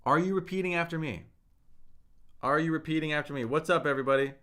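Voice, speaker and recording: A man's voice: a little high, expressive, normal speed, fairly bright tone. A young man teaching Mandarin tones in a live-streamed lesson, drilling syllables aloud and checking in with viewers in the chat.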